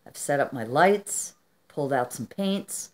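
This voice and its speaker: A woman's voice: very deep voice, lively intonation, unhurried. A woman artist chatting casually to her vlog viewers at home, rambling and talking to them directly. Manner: chatty and rambling, often addressing viewers as "you guys". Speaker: artist vlogger.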